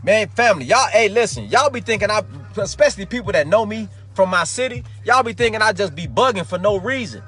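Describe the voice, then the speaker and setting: A man's voice: high voice, lively intonation, fairly quick, hardly any pauses, a bit bright, husky. A man hosting a live talk show, delivering an angry, profane commentary monologue and calling his listeners family. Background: faint background music.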